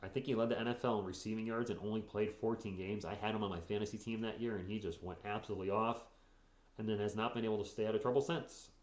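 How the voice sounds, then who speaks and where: A tired, yawning man hosts a casual live sports stream, reacting to the games and reading viewers' chat messages aloud. His voice sits on the low side with a steady tone, he talks fast, and the sound is roomy.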